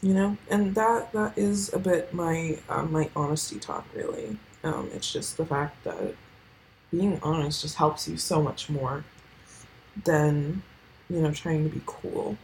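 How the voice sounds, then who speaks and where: A woman's voice: low-pitched, a little slow, gravelly, a little mellow, slight background noise, low-quality recording. A teenage girl hosting a casual solo podcast, rambling with lots of fillers and swearing. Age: teens. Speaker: podcast host.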